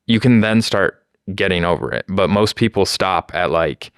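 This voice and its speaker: A man's voice: low voice, normal speed, clean tone, no room sound, clean studio sound. A man co-hosting a podcast, making his points in an earnest, lecturing way with examples. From North Carolina. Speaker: podcast co-host. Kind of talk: casual podcast chat.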